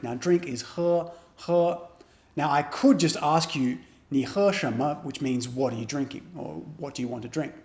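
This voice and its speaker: A man teaching a beginner Chinese lesson, patiently explaining and modeling phrases slowly. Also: medium pitch. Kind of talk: spoken language lesson. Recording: echoey room.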